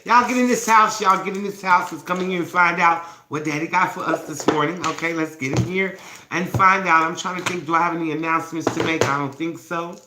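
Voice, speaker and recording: A woman's voice: fairly low pitch, steady tone, fairly quick. A woman hosting a casual morning livestream on her phone, playful and affectionate, calling her viewers babies. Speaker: self-love challenge host. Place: indoor room with candles. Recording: echoey room with faint background noise.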